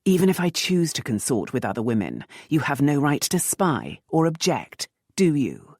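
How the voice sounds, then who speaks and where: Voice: mid-range voice, big pitch swings, moderate pace, a little mellow, no echo, studio quality. A narrator voicing a commanding, sardonic aristocratic rake who speaks in a lightly mocking drawl.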